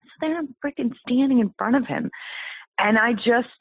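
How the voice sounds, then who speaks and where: A woman guest telling her story in an interview, animated and exclaiming. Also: a little high, normal speed, husky, dry recording. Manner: animated, exclaiming, acts out quoted voices. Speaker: guest author. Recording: tinny phone-like line.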